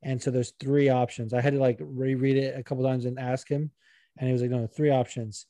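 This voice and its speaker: A man co-hosting a podcast, chatting casually in a rambling, profane, animated way. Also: medium pitch, a little fast, no echo. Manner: rambling, profane, animated, puts on regional accents. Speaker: podcast co-host. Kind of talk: casual chat.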